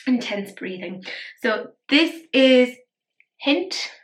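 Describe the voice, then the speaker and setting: A woman's voice: mid-range voice, animated, slow pace, gravelly. A tired woman chatting playfully through a casual makeup tutorial, poking fun at herself. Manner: chatty, playful, self-mocking. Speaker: beauty vlogger.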